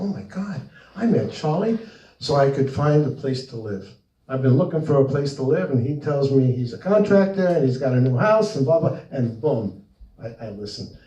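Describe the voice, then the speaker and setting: A man's voice: mid-range voice, warm tone. A man from New Jersey giving an informal spiritual talk to a live audience, rambling and acting out bits of dialogue as he tells stories. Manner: storytelling, rambling, acts out dialogue. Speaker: speaker presenting his book. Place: meeting room with audience. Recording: roomy echo, mic at a distance.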